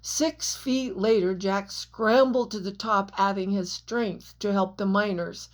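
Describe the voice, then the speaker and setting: A woman reading her own novel aloud as audiobook narrator, in a measured storytelling manner. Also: medium pitch, steady tone.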